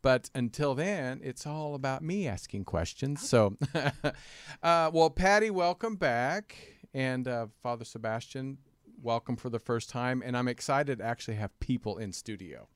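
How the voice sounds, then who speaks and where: A man's voice: medium pitch, expressive, normal speed, clean tone, dry recording. A man hosting a talk show in a studio, asking questions with many fillers and restarts. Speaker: host. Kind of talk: casual chat.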